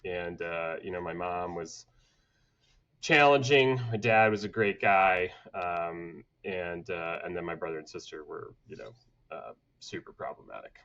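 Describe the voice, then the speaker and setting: A man with a fairly low voice, from Atlanta, talks through his personal stories in a loose, easygoing way and laughs often between thoughts. The recording sounds a little dull and lo-fi, as if the audio has had its highs trimmed. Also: a little slow, vocal fry. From United States (grew up in Atlanta). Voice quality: relaxed, laughs often while telling stories. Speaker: podcast guest, designer. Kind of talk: casual conversational storytelling.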